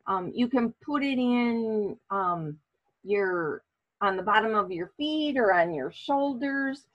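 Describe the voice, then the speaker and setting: Woman teaching a casual class, slow unhurried pace, many ums, muffled lo-fi sound. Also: medium pitch. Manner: slow, relaxed, with many fillers. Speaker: class host. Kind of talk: casual online class presentation.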